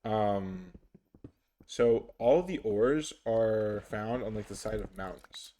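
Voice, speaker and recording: A man's voice: on the low side, mellow, slight background noise. A man giving casual, rambling commentary over his gameplay, with lots of fillers and restarts. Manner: rambling, filler-heavy, unhurried. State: sleepy, yawning. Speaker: gaming YouTuber.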